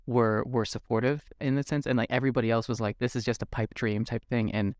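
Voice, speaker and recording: A man's voice: medium pitch, steady tone, quick pace, no echo, studio quality. Man hosting an interview, rambling and heartfelt. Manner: rambling, warm-hearted, many fillers and restarts. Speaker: podcast host. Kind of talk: conversational interview.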